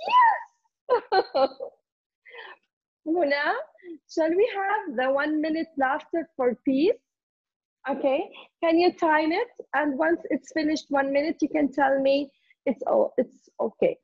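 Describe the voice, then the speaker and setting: Very high-voiced, laughing woman instructor. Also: measured pace, pauses often, no room sound, lo-fi sound. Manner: laughs often, cheerful and encouraging. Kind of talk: leading a group laughter exercise.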